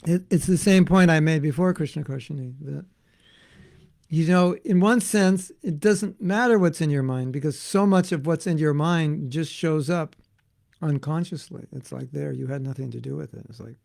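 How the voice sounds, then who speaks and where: A man giving a devotional class as a spiritual teacher, talking in an animated, conversational way and acting out voices. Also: a little high, normal speed, creaky. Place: Alachua, Florida.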